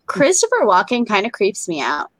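A woman's voice: medium pitch, wildly swooping pitch, moderate pace, a bit bright, dry recording. A woman guest on a casual chat show, a comedian talking in a chatty, hesitant way.

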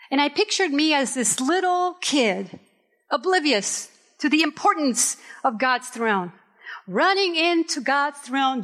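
A middle-aged woman pastor from Puerto Rico, preaching a candid sermon with personal stories and emphatic, drawn-out phrases. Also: on the high side, bright, forceful tone. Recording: reverberant hall.

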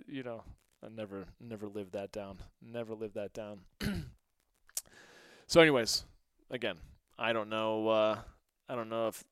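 A middle-aged man hosting a podcast, telling funny stories in a casual monologue and acting out quotes in a higher voice, laughing often. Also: smooth, no echo, clean studio sound. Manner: animated, acts out quotes with raised pitch, laughs often. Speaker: podcast host.

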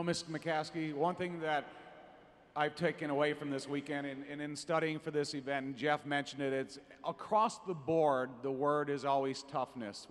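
A man hosting a panel on a convention stage, asking a long, earnest question. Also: fairly high pitch. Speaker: panel host. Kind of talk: onstage interview question. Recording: long hall reverb.

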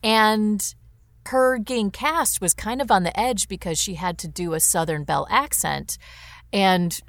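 A woman's voice: mid-range voice, a little slow, a bit bright, no room sound. A woman co-hosting a podcast, chatting casually about an old film and often restarting sentences mid-thought. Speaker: podcast co-host.

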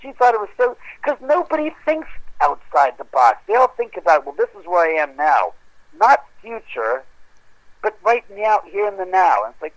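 Animated man telling a ghost story. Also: low-quality recording. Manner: animated, acts out quoted dialogue with rising pitch. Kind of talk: casual storytelling on a podcast call.

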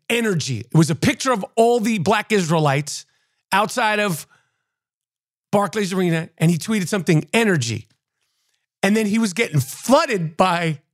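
A man's voice: sits high, dry recording, clean studio sound. A man ranting in a casual, profane, mocking way as a podcast host. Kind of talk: casual rant.

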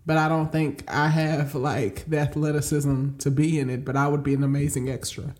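A woman's voice: low voice, flat delivery, darkish tone. A young adult woman co-hosting a podcast in casual chat, playful and talking straight to her listeners. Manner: playful, drawn-out, addresses listeners directly. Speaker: podcast co-host.

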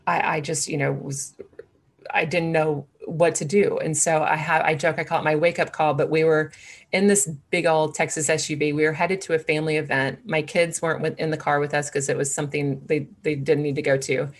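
A woman's voice: low-pitched, little pitch movement, brisk. A woman in her forties, an interview guest, telling a personal story in a candid, earnest way with many fillers and restarts.

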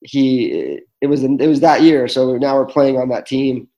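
A man's voice: medium pitch, a little slow, dark tone, highs cut off. A man, telling personal stories as a guest in a conversation, earnest and full of fillers and restarts. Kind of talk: reflective storytelling in conversation.

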